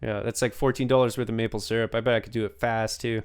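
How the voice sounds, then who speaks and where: A young man hosts a casual podcast and tells a story in a loose, rambling way. His voice is smooth and resonant, at a middle pitch for a man. He laughs easily and keeps tossing in "man.". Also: flat delivery, fast talker. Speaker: podcast host. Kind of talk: casual chat.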